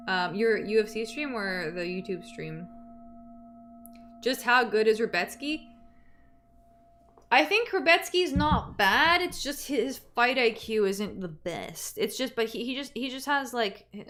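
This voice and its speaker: A woman's voice: mid-range voice, fairly bright tone. Chatty young woman streamer. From Canada. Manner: chatty, trailing off and restarting. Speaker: livestream host. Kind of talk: casual livestream chat.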